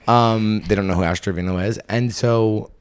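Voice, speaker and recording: A young man with a deep, low voice hosts a comedy podcast. He spins a loose, self-mocking story in a lively, off-the-cuff way, drifting from one thought to the next. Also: moderate pace, clean tone. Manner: animated, rambling, self-deprecating storytelling. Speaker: podcast host and stand-up comedian. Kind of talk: casual comedic monologue.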